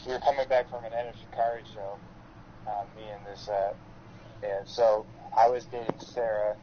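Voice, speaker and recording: A man chats on a podcast in a lowish voice, rambling through a story loaded with "like" and swearing. The audio is dull and lo-fi, with a faint hiss behind him. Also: steady tone, normal speed. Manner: rambling, profane, full of fillers. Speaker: podcast co-host. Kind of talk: casual storytelling chat.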